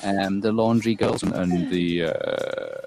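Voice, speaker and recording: A man's voice: deep voice, slow pace, creaky. A man narrating as game master of a tabletop game, rambling with lots of restarts, with faint noise behind. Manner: rambling, full of fillers and restarts.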